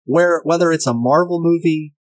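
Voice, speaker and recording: A man's voice: on the high side, normal speed. A man casually retelling and reviewing a crime film, enthusiastic and profane.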